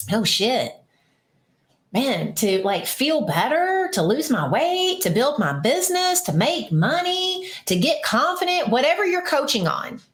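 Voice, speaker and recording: A frank, animated woman talks casually as a podcast host and coach. Her fairly high voice swings widely in pitch. The room around her gives a noticeable echo. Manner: frank and animated, swears casually, acts out clients' inner voices. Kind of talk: casual solo podcast talk.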